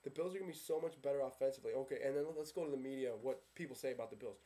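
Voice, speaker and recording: Dark-voiced sarcastic man, football fan rant. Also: medium pitch, rapid-fire, few pauses. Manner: sarcastic, ranting, keeps asking himself questions. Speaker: sports vlogger.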